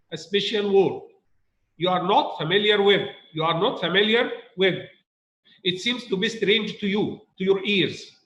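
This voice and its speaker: A man's voice: high voice, fairly bright tone, reverberant, low-quality recording. A male English teacher giving a recorded grammar lesson, repeating key points and asking students rhetorical questions.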